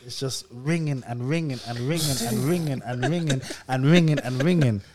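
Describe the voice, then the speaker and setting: A man's voice: medium pitch, normal speed, a crowd in the background. A young man, telling a story in a casual podcast chat and laughing as he goes. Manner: animated, laughing storyteller using slang. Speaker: podcast co-host.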